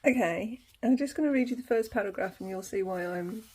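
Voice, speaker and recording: A woman's voice: medium pitch, fairly quick, a little mellow, husky. A woman hosting her tarot channel, chatting casually through an unboxing, laughing easily and reading passages aloud.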